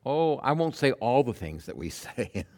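A man preaching a sermon, acting out quotes with big swings from loud bursts to hushed lines. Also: mid-range voice, sing-song, normal speed. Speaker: pastor.

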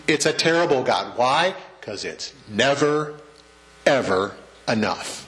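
This pastor preaches slowly and expressively in a medium-pitched, fairly bright voice. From the church sanctuary he talks with his congregation like a conversation, joking and asking them questions.

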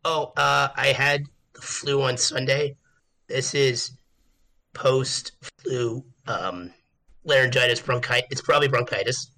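A man with laryngitis, hoarse and croaky, joking about himself while chatting casually. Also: mid-range voice, steady tone, slow pace, pushed and bright, low-quality recording. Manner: croaky, joking, self-mocking. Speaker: guest calling in. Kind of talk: casual chat.

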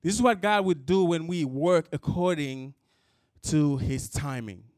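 A man's voice: fairly high pitch, a little slow, a little mellow, no echo. A young man giving an earnest sermon testimony, repeating and restarting his words as he builds toward an impassioned close. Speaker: church speaker.

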